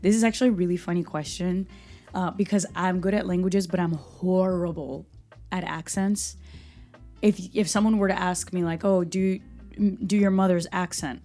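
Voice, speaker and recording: A woman's voice: fairly low pitch, soft background music. A young woman from Brazil hosting her own podcast, talking casually and passionately, laughing at herself now and then. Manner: animated, talks fast and passionately, laughs at herself. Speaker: podcast host. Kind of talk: casual solo podcast talk.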